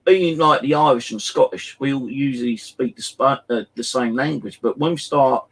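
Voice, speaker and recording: A middle-aged man with an English accent, host of the show, chatting casually and telling animated anecdotes full of "you know" fillers. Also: medium pitch, normal speed, husky, poor audio. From England. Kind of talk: casual storytelling chat.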